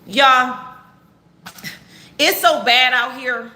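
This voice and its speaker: Loud emphatic woman preaching, echoey room. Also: high-pitched, fairly even intonation, extremely slow. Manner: loud, emphatic, yelling at times. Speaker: online preacher. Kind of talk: livestream sermon. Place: apartment.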